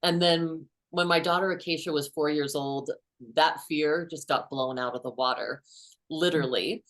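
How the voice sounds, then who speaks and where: A woman's voice: sits low, moderate pace. Woman author telling stories animatedly. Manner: warm, animated storyteller acting out quotes. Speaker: author and guest. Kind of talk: conversational interview storytelling.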